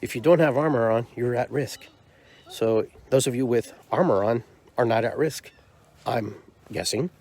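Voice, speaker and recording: A man with a medium-pitched, darkish voice hosts his podcast at a moderate pace. Frustrated and heated, he keeps throwing out rhetorical questions, and he also leads a drum circle.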